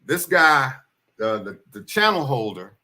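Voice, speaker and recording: A man's voice: mid-range voice, very animated, measured pace, bright, forceful tone. A man hosting a livestream, telling stories in a folksy, rambling way and repeating his key points. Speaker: livestream host. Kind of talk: casual spoken storytelling.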